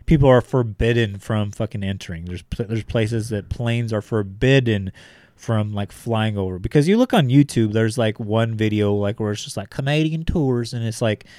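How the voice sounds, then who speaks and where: A man's voice: lowish voice, normal speed, a little mellow, no room sound. Podcast guy telling a story, loose and sweary, lots of likes and you knows, dry sound. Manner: loose and profane, full of fillers. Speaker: podcast co-host. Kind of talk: casual storytelling.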